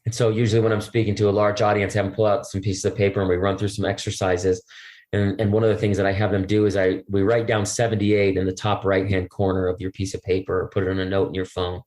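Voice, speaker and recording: A middle-aged man, a podcast guest, telling stories in a lively, jokey way. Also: deep voice, fast. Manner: lively and jokey, acts out quoted voices. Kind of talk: animated storytelling.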